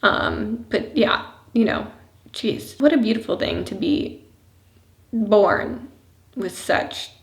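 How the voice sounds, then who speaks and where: A woman chatting through a personal vlog in an easy, rambling way, full of "like" and "you know", with soft laughs between thoughts. Her voice sits at an ordinary middle pitch. The sound carries a noticeable room echo. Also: expressive, slow, pauses often. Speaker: vlogger, mother of a young child. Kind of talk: casual personal vlog talk. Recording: roomy echo.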